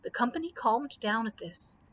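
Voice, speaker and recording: A woman's voice: fairly high pitch, moderate pace, low-quality recording. A woman librarian reading a children's book aloud, telling it expressively. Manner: expressive storytelling.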